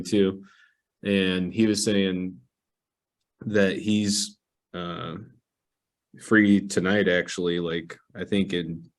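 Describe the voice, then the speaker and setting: A young man hosting a casual podcast, telling stories animatedly, acting out quotes and laughing often. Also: low-pitched. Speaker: podcast host. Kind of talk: casual chat.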